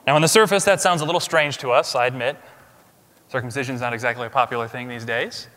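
A man preaching a sermon as pastor, emphatic, swinging from loud declarations to hushed asides. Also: medium pitch, fast talker. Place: church sanctuary. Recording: long reverb of a large hall.

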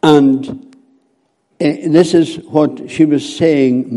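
A man preaching a sermon, slow and deliberate, with hesitant fillers between phrases. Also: on the high side, steady tone, dark tone.

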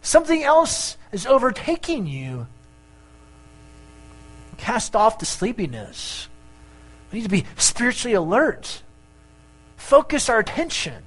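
A male pastor preaching a sermon in an animated way, mixing jokes and asides into his points. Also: extremely high pitch, a little slow, pauses often, rough recording.

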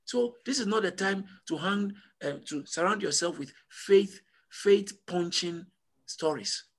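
A male pastor preaching with an emphatic, repetitive drive that swells into call-and-response. His voice sits high and sounds husky. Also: measured pace. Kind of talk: sermon.

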